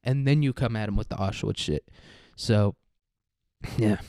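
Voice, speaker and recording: A man's voice: fairly low pitch, unhurried, warm tone, no room sound. A man hosting a casual commentary podcast, ranting with profane sarcasm and laughing at his own jokes. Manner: profane, sarcastic, mocking mimicry.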